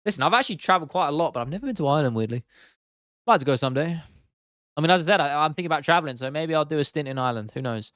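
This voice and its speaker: A man's voice: a little high, expressive, racing, fairly bright tone, no room sound, clean studio sound. A young English man with an English accent, chatting casually on a live stream, reading chat aloud and swearing freely. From England.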